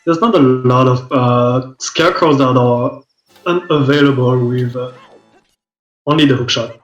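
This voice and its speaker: A man's voice: mid-range voice, a little slow, lo-fi sound, faint music behind. Guy casually commentating a game, talks in bits and restarts, echoey room.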